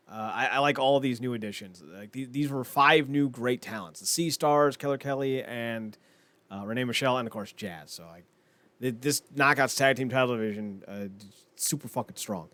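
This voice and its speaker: A young man co-hosting a podcast, chatting casually and excitably, rambling with lots of fillers and frequent laughs. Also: mid-range voice, fairly quick, no room sound. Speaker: podcast co-host. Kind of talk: casual wrestling chat.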